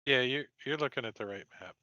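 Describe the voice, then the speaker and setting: A male game master narrating a tabletop game in a bright, forward voice. He explains patiently and restarts his sentences often. The sound is dry and a little muffled. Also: medium pitch, quick pace, dry recording.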